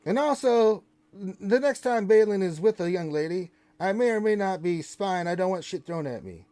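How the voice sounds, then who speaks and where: A man's voice: high voice, expressive, moderate pace, mellow. A man voicing a crude, wisecracking male raven who bosses the party around and begs for crackers. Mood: sassy. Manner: brash, cheeky, bossy. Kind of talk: tabletop role-play voicing.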